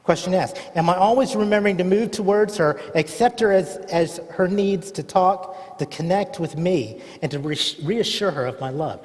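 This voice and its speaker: A man's voice: sits high, normal speed, hardly any pauses, a little mellow, long reverb tail. A male pastor preaching a sermon in a conversational, storytelling way, often asking the congregation questions.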